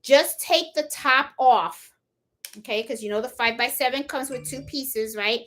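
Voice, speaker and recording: Brief: woman crafting host, Puerto Rican accent, slightly high voice, chatty hands-on demo style, keeps checking "okay?", laughs off fumbles. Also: moderate pace, a bit bright. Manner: chatty, repeats "okay?" and "hold on"; laughs at her own fumbles while working. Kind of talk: casual live tutorial demo.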